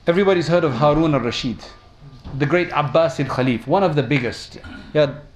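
A man's voice: a little high, brisk. A man preaching a sermon, telling stories and asking his listeners questions. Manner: storytelling, addresses audience with questions.

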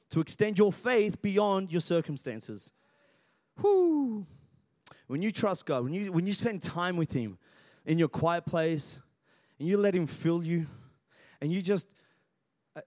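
Energetically voicing figures from the Bible, a high-pitched pastor preaches and calls out to the people in the pews. The sound is studio-clean, with no echo.

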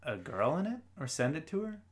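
A man's voice: a little high, sing-song, fairly quick. A man in his thirties co-hosting a podcast, playful and self-deprecating, often laughing. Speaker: podcast co-host. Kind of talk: casual podcast chat.

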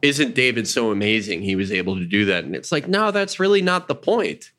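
Very animated and brisk, this low-voiced man tells old stories in casual conversation with a bright, forceful tone. He curses liberally and performs the quotes, and he's described as Jewish, which was listed in place of a first language.

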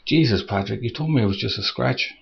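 A man's voice: medium pitch, animated, brisk, vocal fry, breathy edge. A man voicing a worried, insistent wife and mother in a story reading, on a dull lo-fi recording. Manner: anxious, insistent.

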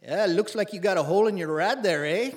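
A man voicing a laconic, matter-of-fact Canadian roadside mechanic with a broad Canadian accent and deadpan drawl. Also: high voice, fairly quick, long reverb tail, lightly acted.

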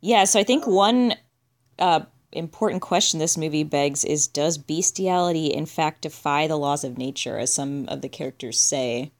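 Low-pitched woman, casual podcast co-host, dry and offhand. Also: moderate pace. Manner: dry, musing, trails off with "I guess". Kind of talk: casual movie discussion.

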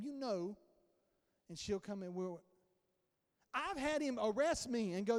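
High-voiced preacher man in a reverberant hall. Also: lively intonation, moderate pace, pauses often. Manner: conversational preaching, acts out dialogue. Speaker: pastor. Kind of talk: sermon. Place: church sanctuary.

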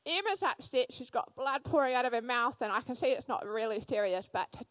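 A woman in her thirties, a church speaker giving a sermon, telling animated personal stories with frequent fillers. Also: a little high, fairly quick, dry recording, poor audio.

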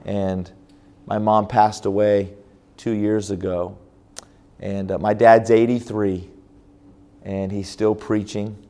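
A man's voice: on the low side, little pitch movement, takes it slowly, pauses often, mellow. A man preaching as a pastor at a church conference, telling a personal story with frequent restarts and fillers. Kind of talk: sermon testimony.

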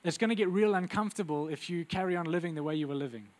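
Intense guy preaching, high voice, goes loud then real quiet. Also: very fast. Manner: intense, swings from loud urgency to quiet intimacy. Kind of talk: sermon.

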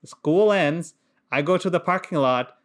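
A man's voice: on the high side, unhurried. A man in his thirties, raised in Qatar, telling a story in casual chat and acting out the voices of the people in it. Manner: animated, acts out voices in anecdotes, laughs often. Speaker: podcast co-host.

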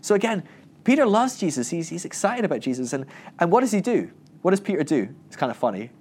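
A man's voice: high-pitched, fast, a little hiss or hum. A man giving a casual, humorous Bible teaching, joking and acting out quoted lines. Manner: jokey, animated, acts out quotes in raised voices. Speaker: Christian teacher.

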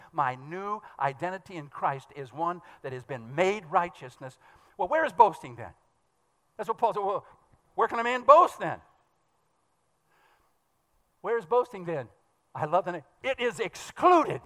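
A fast, fervent male preacher delivering a sermon with a high, bright, pressing voice. His words ring out with a long hall reverb behind them.

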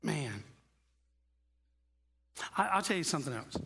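A pastor preaching a conversational sermon in a church, moving between easy asides and passionate emphasis. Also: male voice, a little high, measured pace, sharp tone, a little hiss or hum. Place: church sanctuary.

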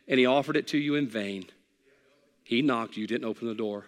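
A middle-aged male pastor preaching a sermon, conversational and emphatic, shifting from loud peaks to soft pleading. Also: mid-range voice, moderate pace, big-room sound. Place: church sanctuary.

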